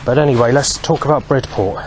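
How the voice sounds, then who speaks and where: A man talking alone to camera in a rambling monologue, halting often to search for words. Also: medium pitch, a little mellow, a little hiss or hum. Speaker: vlogger.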